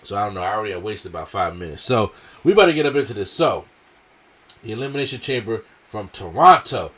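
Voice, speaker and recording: Animated man with a strained throat. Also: on the low side, fast talker. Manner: animated, slangy, acts out what wrestlers said. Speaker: wrestling show reviewer. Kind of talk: casual video review.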